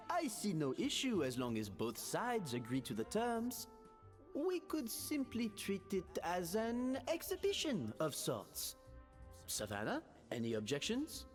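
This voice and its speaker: An actor with a French accent playing a theatrical, courtly gentleman host in a game, with flowery speech and lively pitch, in audio with long reverb. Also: slow pace, soft background music, heavily acted. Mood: grandiose.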